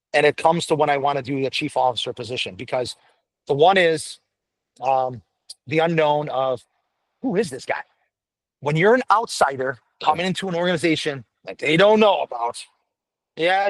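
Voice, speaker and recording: Blunt, profane middle-aged man, higher voice. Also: no room sound, low-quality recording. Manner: blunt, profane, animated storytelling. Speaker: podcast guest, veteran firefighter. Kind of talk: candid podcast conversation.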